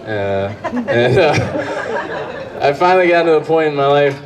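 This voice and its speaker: A man's voice: a little high, big pitch swings, a little slow, crowd noise. A man from Colorado doing live stand-up comedy on a club stage, rambling, profane and self-mocking. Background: audience laughter.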